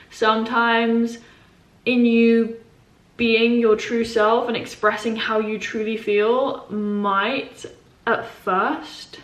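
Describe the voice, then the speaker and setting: A woman's voice: a little high, roomy sound. A young woman in her twenties chatting casually to camera as a vlogger, rambling with many fillers. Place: indoors at home.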